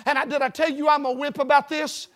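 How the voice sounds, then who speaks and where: A male preacher delivering a folksy sermon to a congregation, mixing jokes and stories with rising, shouted emphasis. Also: very high voice, level tone, quick pace. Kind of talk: sermon with storytelling. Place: church building before a congregation.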